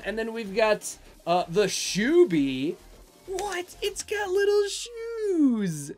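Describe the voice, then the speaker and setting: A bubbly woman vlogger shows off fan mail from her home, exclaiming often and leaping high in pitch when something delights her. Her voice sits at an ordinary middle pitch for a woman. Faint music plays behind her. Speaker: channel host opening fan mail. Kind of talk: excited casual vlog.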